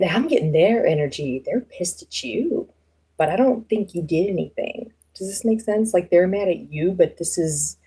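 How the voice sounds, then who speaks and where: A woman's voice: deep voice, mellow, slightly rough. A woman doing a casual live tarot reading, chatting loosely to viewers with lots of fillers and easy laughs. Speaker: tarot reader.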